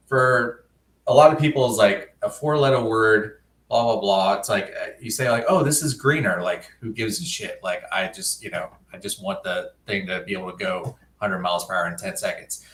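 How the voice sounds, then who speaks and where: A man's voice: lowish voice, animated, moderate pace, a bit bright. A man chatting on a live stream in a joking, laid-back way. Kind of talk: casual live stream chat. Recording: roomy, echoey sound.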